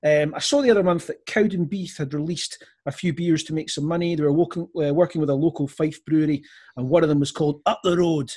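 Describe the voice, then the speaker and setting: A man's voice: on the high side, steady tone, quick pace, darkish tone, breathy edge. A Scottish man hosting a podcast, trading puns and telling chatty stories in a casual way. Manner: jokey, punning, then chatty anecdote. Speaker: podcast host. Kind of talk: casual pub banter and storytelling.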